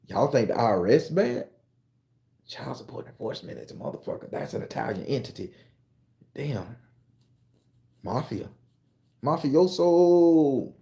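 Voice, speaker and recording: Male storyteller, mellow voice, roomy echo, acts out his characters with sudden high squeals. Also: expressive, normal speed, vocal fry, pauses often. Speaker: commentator on social media channel. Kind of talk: animated storytelling monologue with profanity.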